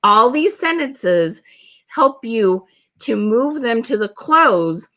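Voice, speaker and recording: A woman's voice: on the high side, sing-song, takes it slowly, a bit bright. A woman coaching on social media sales in a webinar, stressing points by repeating words. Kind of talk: webinar teaching.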